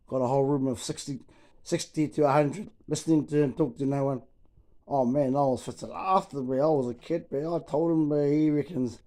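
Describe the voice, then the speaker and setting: A man's voice: fairly high pitch, warm tone. A man telling casual stories and urging a boy on, laid-back, swearing and calling everyone bro. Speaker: storyteller.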